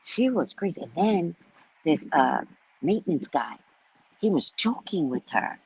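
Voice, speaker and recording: Woman, psychic host, lively swooping pitch, dry close sound, animated and profane. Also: a little slow, creaky, breathy edge, dry recording. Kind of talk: casual livestream chat. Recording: dull lo-fi sound.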